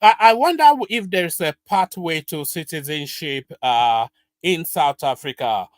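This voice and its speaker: A male host gives reaction commentary in a musing, hesitant way, full of uhs. His voice sits a little high for a man. The sound is dry and close. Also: expressive, measured pace, dry recording.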